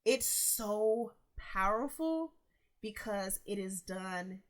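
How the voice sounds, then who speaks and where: A woman's voice: mid-range voice, expressive, drawn-out words. A woman co-hosting a casual podcast chat, explaining things and acting out little scenes with quoted voices. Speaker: podcast co-host.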